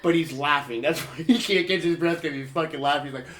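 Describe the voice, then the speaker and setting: A young man hosting a podcast, telling a story in casual chat, animated and swearing a lot, with his voice leaping up high for quoted people. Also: quick pace, echoey room, far from the mic. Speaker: podcast host. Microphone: portable recorder.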